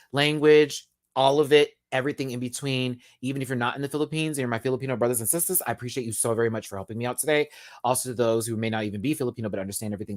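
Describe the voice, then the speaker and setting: A man giving a live episode review in a sassy, chatty way, full of drag slang and quick laughs. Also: medium pitch, fairly bright tone, dry recording. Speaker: YouTube reviewer.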